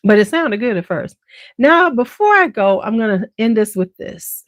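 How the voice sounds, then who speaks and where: A woman with a Chicago accent hosting a beauty channel, chatting casually to her viewers in an animated, sassy way and jumping into high, exaggerated quoted voices. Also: normal speed, no room sound. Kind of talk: casual chat to camera.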